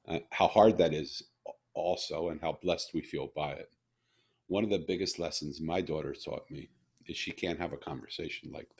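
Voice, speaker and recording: A very deep, slightly mellow voice with a breathy edge belongs to a middle-aged podcast host. He's conducting a heartfelt interview, earnestly telling emotional stories and restarting sentences again and again.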